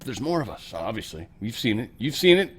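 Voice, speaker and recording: A man's voice: mid-range voice, very animated, fairly quick, husky. Guy hosting his own show, rambly and jokey, talks over news clips, laughs at himself. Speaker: show host. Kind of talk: casual commentary reacting to news clips.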